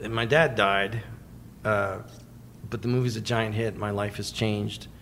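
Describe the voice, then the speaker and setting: A man as an interview guest, telling animated stories and acting out the quotes. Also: on the low side, unhurried, slight background noise. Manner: animated storyteller, acts out quotes. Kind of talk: interview storytelling.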